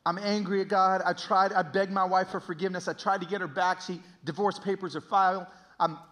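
A man in his thirties giving an emotional sermon testimony, swinging from hushed to loud. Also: sits high, steady tone, brisk.

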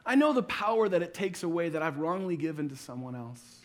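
A man in his thirties preaching a sermon, playful and storytelling, acting out little everyday scenes with quick asides. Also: fairly high pitch, very animated. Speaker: pastor.

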